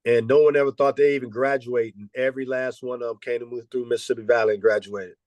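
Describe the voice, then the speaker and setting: A man in his fifties, a former college basketball head coach, telling lively stories and peppering them with "man" and "you know". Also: medium pitch, fast talker, dry recording, muffled recording. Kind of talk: storytelling interview answers.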